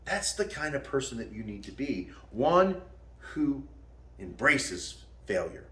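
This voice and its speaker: A man's voice: medium pitch, big pitch swings, takes it slowly, fairly bright tone, roomy sound. A man who teaches martial arts, giving a folksy motivational talk, calling the listener "man" and laughing at his own jokes.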